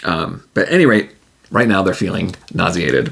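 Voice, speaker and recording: A man's voice: low-pitched, lively intonation, normal speed, vocal fry, fairly bright tone, husky. A man narrating and playing a solo tabletop game, thinking aloud casually with plenty of fillers.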